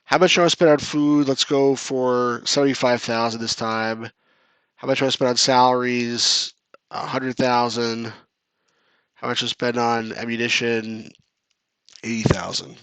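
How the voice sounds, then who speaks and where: A man's voice: medium pitch, fairly even intonation, measured pace, fairly bright tone, clean tone, no room sound. A man casually commenting as he plays a retro strategy game live, chatting with viewers and joking about his losses. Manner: chatty, reads chat aloud, jokes at his own losses.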